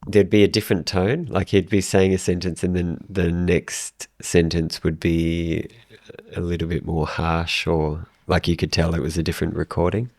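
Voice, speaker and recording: A man's voice: deep voice, flat delivery, moderate pace, a little mellow, no echo. A man from New Zealand, chatting on a podcast in a hesitant, curious way, often answering briefly. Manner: hesitant, curious, short replies. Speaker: podcast co-host. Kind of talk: casual chat.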